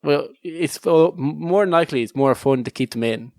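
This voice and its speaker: A man's voice: a little high, normal speed, creaky, darkish tone, dry recording, studio quality. An Irish man co-hosting a podcast in casual chat, telling stories and laughing often. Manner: laughs often, restarts, storytelling. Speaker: podcast co-host.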